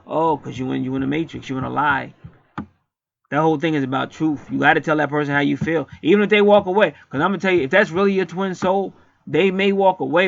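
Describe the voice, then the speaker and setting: A man's voice: mid-range voice, vocal fry, a bit bright, dry recording, muffled recording. A middle-aged man acting as a spiritual reader, talking bluntly in a casual streetwise monologue and swearing freely.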